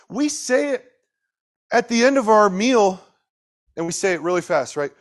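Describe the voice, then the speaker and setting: A man preaching a sermon, swinging between loud emphatic bursts and quiet, slowed asides, and putting questions straight to his listeners. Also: sits high, animated. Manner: talks directly to the listeners with questions.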